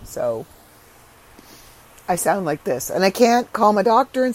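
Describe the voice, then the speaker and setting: A middle-aged woman podcaster in casual solo chat, chatty and frank, her voice rough and congested from allergies. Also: a little high, animated, takes it slowly, pauses often, poor audio.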